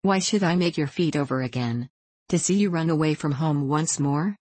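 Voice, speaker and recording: A woman reading the part of a kind, patient old woodcarver who lectures gently. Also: low voice, normal speed, breathy edge, dry recording. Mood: stern. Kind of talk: audiobook character voice.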